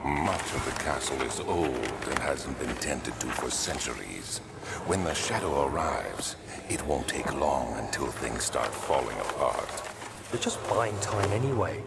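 A grim gravelly horror-game figure. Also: male voice, rumbling low, sing-song, a little slow, exaggerated voice. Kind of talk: game voice acting. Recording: loud background noise.

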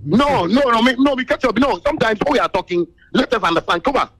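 A man's voice: very high voice, expressive, fast talker, fairly bright tone, slightly rough, faint music behind. A man with a Ghanaian accent arguing heatedly in a radio studio, interrupting and repeating himself. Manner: insistent, interrupting, repeats words. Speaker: musician guest. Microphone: studio mic.

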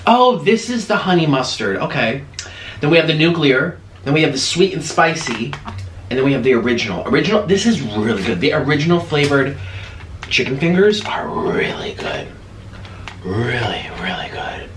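Excitable man chatting while eating. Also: fairly high pitch, a little fast. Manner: excitable, gasping and moaning between bites. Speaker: mukbang host. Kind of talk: casual eating vlog chat. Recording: echoey room with faint noise.

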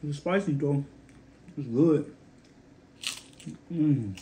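A man's voice: fairly high pitch, extremely slow, dark tone. A young man hosting his own casual cooking vlog, laid-back and talking straight to his viewers while he tastes his food. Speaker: cooking vlogger.

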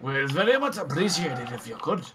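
A man's voice: on the high side, big pitch swings, brisk, background noise. A man voicing a wary, blunt male dwarf miner with an attempted Scottish accent, saying aye and lad. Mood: gruff. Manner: folksy dialect with aye and lad.

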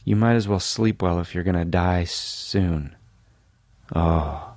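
A man from California, a podcast host, reads a sponsor ad in a sleepy, deadpan, self-mocking way full of asides. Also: sits low, slow pace, no echo, studio quality. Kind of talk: jokey ad read.

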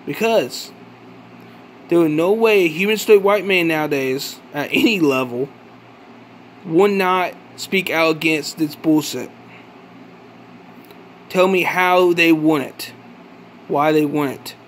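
A vlogger with a notably high voice delivers an angry, accusatory rant, slow and full of pauses. He throws out profane questions and stumbles into restarts, with a faint hum behind him.

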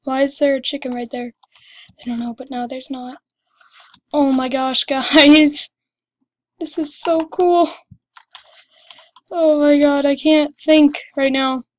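A woman giving excited commentary over her gameplay, gushing and exclaiming breathlessly. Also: high-pitched, moderate pace, no echo. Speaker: gamer.

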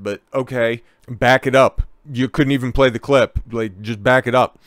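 A man's voice: mid-range voice, steady tone, moderate pace, no echo, studio quality. A man giving reaction commentary as he reads an article aloud, breaking in with sarcastic, profane asides. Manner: sarcastic and profane, interrupting his own reading.

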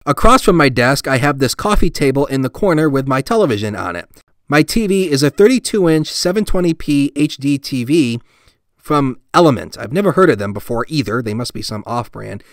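Chatty male tech vlogger, lively pitch. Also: brisk, no echo. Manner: relaxed and self-deprecating, with many fillers. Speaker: tech channel host. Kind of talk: casual tour vlog with voice-over.

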